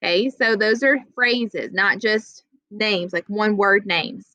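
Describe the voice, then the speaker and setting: A woman teaching a classroom grammar lesson, plainly explaining rules and slowly reading out example sentences. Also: mid-range voice, sharp tone, no echo, muffled recording.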